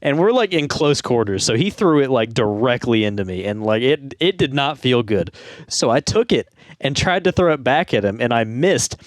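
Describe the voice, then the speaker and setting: A man's voice: mid-range voice, expressive, moderate pace, no echo, studio quality. A young man co-hosting a podcast, telling a rambling story in casual chat and laughing through it. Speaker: podcast co-host.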